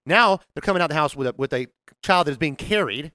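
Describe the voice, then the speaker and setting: A man with a drawl tells a neighborhood story at a rapid clip, his pitch swinging widely as he acts out what everyone said. He sits a little high for a man's voice. The sound is dry and close. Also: no echo. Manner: animated storyteller, acts out quotes, laughs often. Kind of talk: casual storytelling chat.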